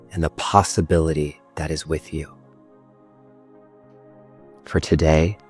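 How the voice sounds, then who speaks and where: A man speaking affirmations in a slow, soft, unvoiced whisper as whispered role-play. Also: low-pitched.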